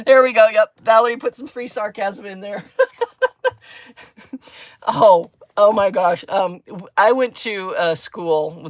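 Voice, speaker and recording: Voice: medium pitch, no echo. A middle-aged crafting host chatting on a livestream with a giggly, exclaiming manner. The voice sits in an ordinary mid register. It is recorded dry and close, with almost no room sound. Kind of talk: casual livestream chat while crafting.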